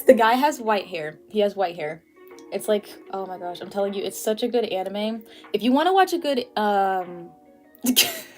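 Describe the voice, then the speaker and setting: A young woman hosting an art livestream, chatting casually while she draws, full of fillers and frequent laughter. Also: medium pitch. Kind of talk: casual chat while drawing. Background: faint music.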